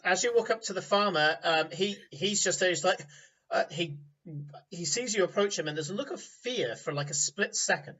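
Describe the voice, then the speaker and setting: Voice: medium pitch, moderate pace, pushed and bright. A game master narrating a tabletop game with a rambling delivery full of fillers, recorded on a distant, dull mic.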